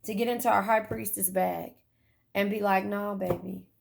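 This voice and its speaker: A woman's voice: medium pitch, fairly even intonation, normal speed, vocal fry, background noise. A woman giving a casual tarot reading in a car, blunt, profane and chatty as she talks straight to her viewers. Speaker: tarot reader.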